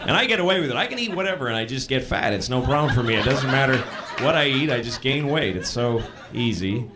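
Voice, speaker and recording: Crude, lively stand-up comedian man. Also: mid-range voice, fast talker, crowd noise. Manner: crude, self-deprecating, conversational. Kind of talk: stand-up routine. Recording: live stand-up with audience laughter. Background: audience laughing.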